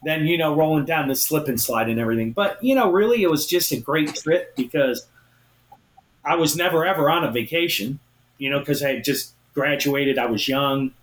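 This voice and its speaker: Podcast co-host, male, lively storyteller, slightly high voice, roomy echo. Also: normal speed. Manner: animated, acts out quotes of others. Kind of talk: casual storytelling.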